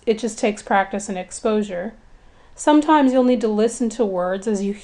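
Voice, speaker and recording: A woman teaching a Spanish lesson in clear, patient, scripted narration, speaking to beginners in an encouraging way. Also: fairly high pitch.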